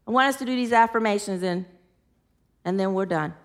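A woman with a mid-range voice speaks fairly quickly while teaching a sermon. The spiritual teacher is earnest, leading those listening in affirmations and animating her stories.

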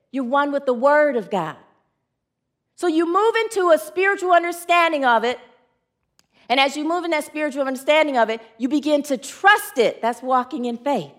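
A woman with a high, fairly bright voice preaches a sermon, trading call and response with her congregation. She tells stories earnestly, acting out the quotes.

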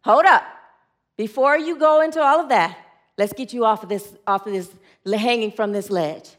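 A woman voicing God as a booming, calm, commanding presence. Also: lightly acted. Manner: slow, deep and commanding.

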